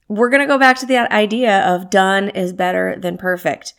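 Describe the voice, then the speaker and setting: A woman's voice: medium pitch, normal speed, creaky, fairly bright tone. A woman wellness coach giving a self-help talk in a conversational way, often asking rhetorical questions and laughing easily. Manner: conversational, with frequent rhetorical questions and tag "right?"; laughs easily while speaking.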